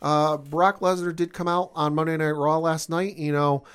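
A man's voice: on the high side, little pitch movement, normal speed, a bit bright, clean tone. A man hosting a casual podcast, recapping news in an enthusiastic, rambling way with many fillers. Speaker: podcast host. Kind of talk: casual sports and gaming chat.

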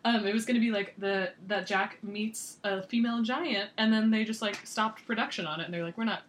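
A young woman co-hosting a casual chat, animated and giggly as she tells stories. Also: mid-range voice, normal speed, slight background noise. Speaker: podcast co-host.

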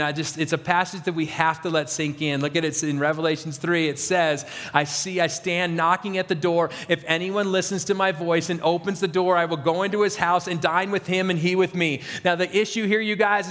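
A man's voice: a little high, fairly bright tone, big-room sound. A middle-aged man, a pastor, preaching an earnest, conversational sermon full of repetition and restarts.

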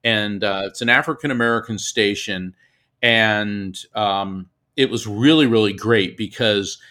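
A man, a medium, telling stories as a guest in an interview, animated and often repeating himself. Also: fairly low pitch, measured pace. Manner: animated storyteller, repeats words, laughs often. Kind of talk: storytelling in an interview.

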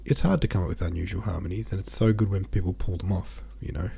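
A man's voice: deep voice, fairly even intonation, quick pace, gravelly, dark tone, breathy edge. A man hosting a reading podcast, chatting casually with rambling asides while congested. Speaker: podcast host. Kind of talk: casual chat.

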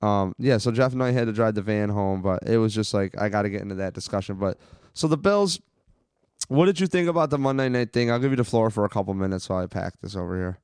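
A man's voice: lowish voice, fast, darkish tone, clean tone, dry recording, clean studio sound. A man telling a long, profane, rambling story on a casual podcast, from Western New York. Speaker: podcast co-host.

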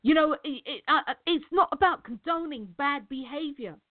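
A woman's voice: high-pitched, normal speed. A middle-aged woman giving an emphatic motivational talk, repeating herself and calling her viewers guys. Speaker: motivational speaker. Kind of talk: direct-to-camera motivational talk. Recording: tinny phone-like audio.

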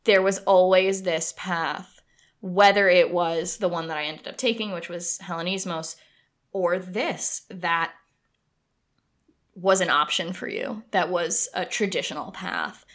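A woman's voice: lowish voice, unhurried. A woman co-hosting a podcast, chatting casually about a book she loves, with lots of restarts. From United States. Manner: chatty, animated, with frequent restarts. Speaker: podcast co-host.

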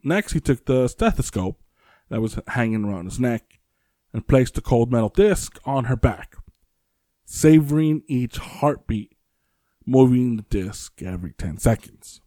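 A man's voice: medium pitch, expressive, unhurried, warm tone, dry recording, clean studio sound. A man hosting a podcast, telling a story in casual chat, rambling with many fillers and restarts. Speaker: podcast host.

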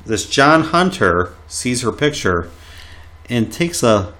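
A man co-hosting a casual history podcast, telling a local story with animated delivery and frequent laughs. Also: mid-range voice, takes it slowly, a little hiss or hum.

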